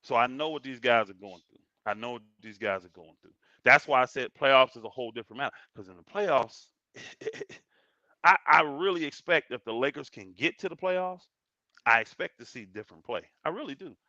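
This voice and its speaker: Middle-aged male co-host, bright forceful voice, animated storyteller, dry lo-fi sound. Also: medium pitch, moderate pace, no echo. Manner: animated storyteller, acts out others' lines. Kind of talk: casual sports chat. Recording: dull lo-fi sound.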